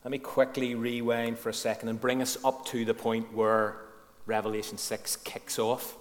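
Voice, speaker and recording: Earnest preacher in an echoey church. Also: male voice, medium pitch, flat delivery. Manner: earnest, frank, asks the congregation questions and pauses on key words. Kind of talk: sermon. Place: church hall.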